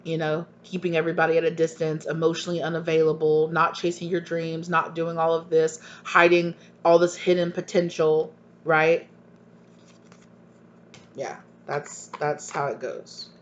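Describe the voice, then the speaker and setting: A man's voice: on the high side, flat delivery, normal speed. A man giving a tarot reading to viewers, talking earnestly and emphatically, often repeating himself and asking pointed questions. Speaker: tarot reader. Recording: dull lo-fi recording with faint hum.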